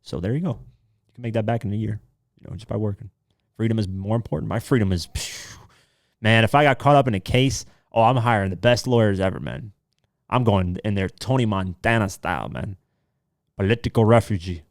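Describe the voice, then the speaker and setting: A low-pitched man talks through the day's news on his podcast. He reads the headlines, then slips into loose, casual commentary with offhand asides and the odd curse. The sound is dry and close, with no room around it. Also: fairly quick, gravelly, dry recording. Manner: swears casually. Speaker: podcast host.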